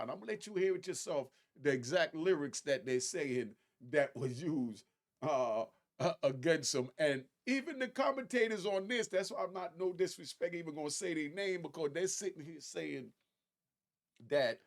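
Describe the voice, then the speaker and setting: A man hosting a casual commentary, talking straight to his viewers and climbing to emphatic highs on key points. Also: normal speed. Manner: animated, rising to emphatic high pitch on key points; conversational, addresses viewers directly. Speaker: commentary host.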